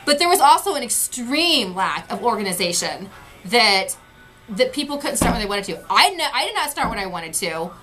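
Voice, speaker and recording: A woman's voice: on the high side, very animated, normal speed, pushed and bright, faint music behind. A woman vlogger recapping an event in casual talk, frustrated and retelling what people said. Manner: frustrated, retelling with quoted voices.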